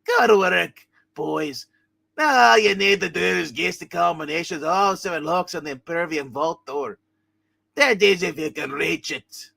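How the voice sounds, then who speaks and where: A man voicing a gruff, shrewd old male duck tycoon in a live comic reading, gloating and boastful. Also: fairly high pitch, unhurried, bright, forceful tone, full character voice. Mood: smug.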